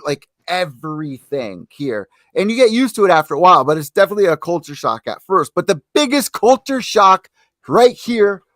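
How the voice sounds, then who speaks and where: A man co-hosting a casual podcast, energetic and joking, teasing his guests. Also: sits high, dry recording. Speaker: podcast co-host. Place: home city in the East.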